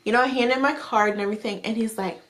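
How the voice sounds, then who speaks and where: Chatty woman vlogger, higher voice. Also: rapid-fire. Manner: animated, chatty retelling with frequent "like". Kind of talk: casual storytime.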